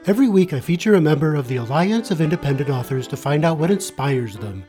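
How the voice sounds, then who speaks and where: Male host, warm dark tone, scripted intro over faint cello. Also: fairly high pitch, lively intonation, quick pace. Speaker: podcast host. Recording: cello music behind voice.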